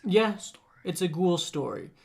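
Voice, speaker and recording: A young man co-hosting a podcast, throwing in dry, quick one-liners during casual chat. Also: high voice, very animated, gravelly. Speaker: podcast co-host.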